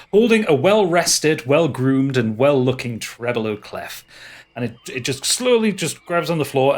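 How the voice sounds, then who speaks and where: A man narrating as game master, rambling and halting as he describes scenes. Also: medium pitch.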